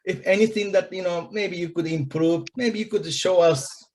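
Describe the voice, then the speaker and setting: A man giving hesitant, halting feedback in an online meeting. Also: high-pitched, fairly even intonation, darkish tone.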